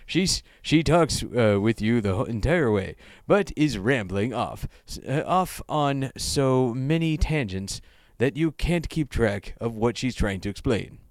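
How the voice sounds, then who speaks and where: A man's voice: mid-range voice, unhurried, few pauses, dry recording, studio quality. A man co-hosting a gaming podcast, reading a dating-sim story aloud in a casual, stumbling way. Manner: reads the story text aloud with stumbles and laughs, lively. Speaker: podcast co-host reading a game. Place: small home recording setup, sharing one mic.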